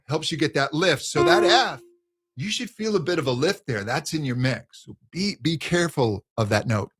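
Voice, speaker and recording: Animated, bright-voiced male voice teacher. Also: fairly high pitch, moderate pace. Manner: demonstrates sung exercises mid-explanation; thoughtful, restarts phrases. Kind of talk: live Q&A singing lesson.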